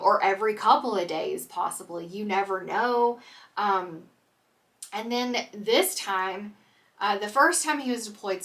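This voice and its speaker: A woman's voice: medium pitch, a bit bright. Chatty young woman, slightly distant mic. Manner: chatty, candid, filler-heavy with "like" and "um". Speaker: vlogger, military spouse. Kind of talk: casual chat to camera.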